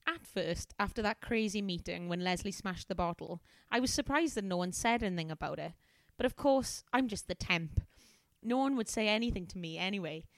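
A woman's voice: mid-range voice, brisk, few pauses, no echo, natural voice. A woman voicing a chatty young female office temp in a put-on Welsh accent, confiding and talkative.

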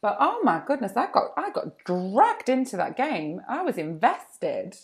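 Lively, gravelly woman chatting. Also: medium pitch, a little slow. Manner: chatty, self-deprecating, lively storytelling. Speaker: podcast co-host. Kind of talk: casual chat. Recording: muffled remote line.

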